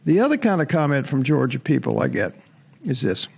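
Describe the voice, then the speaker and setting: A man's voice: medium pitch, big pitch swings, fairly quick, vocal fry, a little mellow, slightly rough. A man hosting a casual sports podcast, chatting to viewers, laughing often and mocking commenters.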